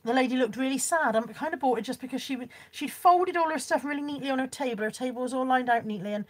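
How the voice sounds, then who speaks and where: A woman's voice: high-pitched, fast talker. A woman chatting casually on a live stream as she shows off a car boot haul and reads out viewers' comments, laughing often.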